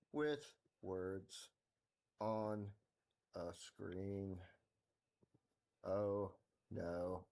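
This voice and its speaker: A man's voice: deep voice, vocal fry, a little mellow, husky, voice pushed down, heavily acted. A man doing a sleepy, dopey grown man. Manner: slow, halting, dopey. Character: drowsy, dim-witted version of himself, adult man.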